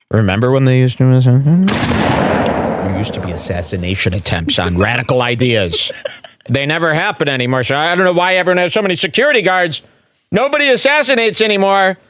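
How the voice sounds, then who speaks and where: A man hosting a comedy podcast, mocking a stand-up clip with sarcastic commentary and sudden loud impressions. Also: fairly high pitch, no echo. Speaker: podcast host.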